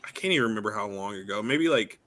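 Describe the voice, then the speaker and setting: A man's voice: fairly low pitch, animated, fast talker, bright, forceful tone, slight background noise. A young man co-hosting a casual movie review chat, laid-back and enthusiastic, saying "yo" and "man".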